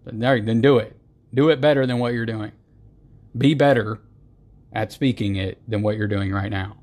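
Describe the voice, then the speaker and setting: A man's voice: on the low side, normal speed. A man hosting a podcast who rants in an emphatic, exasperated monologue. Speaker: podcast host. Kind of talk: ranting monologue.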